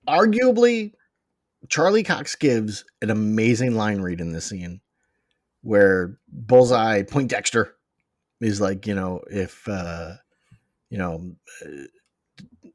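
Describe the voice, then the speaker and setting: A man's voice: fairly low pitch, expressive, takes it slowly, dry recording, clean studio sound. A man co-hosting a casual show chat, joking and enthusing about favorite moments. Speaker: podcast co-host.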